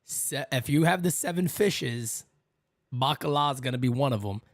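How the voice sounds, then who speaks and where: A man hosting a casual baseball watch party, telling animated family stories with loud imitations and plenty of swearing. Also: mid-range voice, moderate pace, dry recording, clean studio sound.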